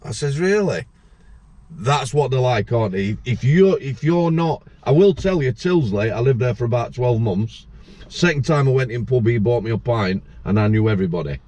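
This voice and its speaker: A man's voice: medium pitch, animated, moderate pace, a little mellow. A man in his sixties with a Yorkshire accent, hosting a casual podcast chat and chipping in with blunt stories. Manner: blunt, chatty, interjects with stories. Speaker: podcast host.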